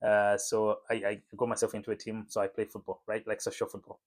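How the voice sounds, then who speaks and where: A man talking casually to camera in a home vlog, relaxed and chatty with lots of fillers. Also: lowish voice, a little fast. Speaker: vlogger. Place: home room lit by a window.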